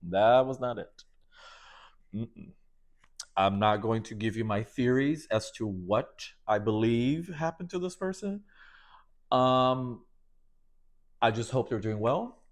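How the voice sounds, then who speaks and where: A man's voice: mid-range voice, lively intonation, slow pace, pauses often. A man talks alone into his podcast mic in a loose, sassy, campy way. He calls his listeners baby and honey and laughs often as he tells his story. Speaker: podcast host. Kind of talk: casual solo podcast monologue.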